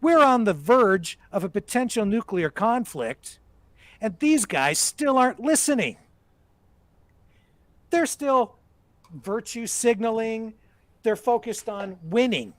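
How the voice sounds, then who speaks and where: A man's voice: sits high, animated, takes it slowly, long pauses, no echo. A man hosting live political commentary, emphatic and ranting, hammering his points through repetition.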